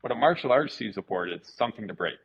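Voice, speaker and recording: A man, a martial arts instructor, telling stories casually as a guest, animated, repeating words and swearing freely. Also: medium pitch, fast talker, vocal fry, breathy edge. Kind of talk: casual storytelling interview. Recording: dull lo-fi podcast audio.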